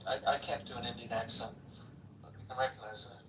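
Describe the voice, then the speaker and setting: A man in a casual debate, bantering and quick to concede a point. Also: medium pitch, fairly even intonation, bright, forceful tone. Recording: distant, echoey mic with faint hiss.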